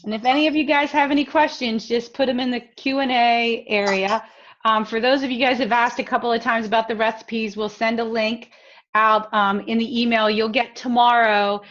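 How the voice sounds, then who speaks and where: A woman's voice: on the high side, steady tone, normal speed, a bit bright. A woman hosting a webinar, giving casual announcements in an informal way with many ums. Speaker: webinar host. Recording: dull webinar audio.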